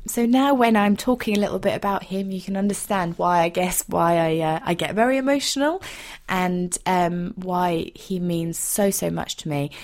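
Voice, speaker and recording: A woman hosting a podcast, telling a personal story in a heartfelt, gentle, emotional way. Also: medium pitch. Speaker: podcast host.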